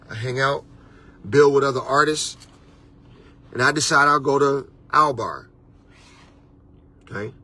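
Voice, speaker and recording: Man, life coach, husky voice, bright and forceful tone, preachy motivational vlog, slangy. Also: fairly high pitch. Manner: preachy, repeats "you understand"; casual street slang. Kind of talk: motivational talk to camera.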